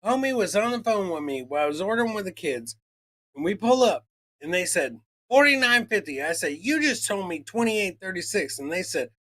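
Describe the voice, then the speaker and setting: A man's voice: high voice, sing-song, brisk, bright, forceful tone. A man co-hosting a podcast, ranting in casual chat with lots of swearing and acted-out quotes. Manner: profane, ranting, acts out quoted exchanges. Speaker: podcast co-host.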